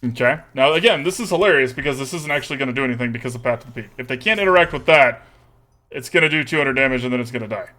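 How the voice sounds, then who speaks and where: A man's voice: medium pitch, very fast, bright, forceful tone. A young man streaming a card game, thinking aloud and humming to himself as he weighs each play. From Texas. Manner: thinks aloud, mutters and hums while weighing plays.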